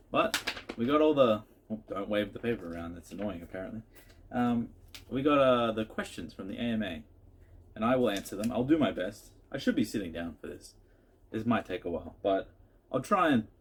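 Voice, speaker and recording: A man talks his way through viewer questions in a casual home vlog. His voice sits fairly low and has a husky edge. He rambles in a chatty way, often restarting his sentences. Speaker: card collector answering viewer questions.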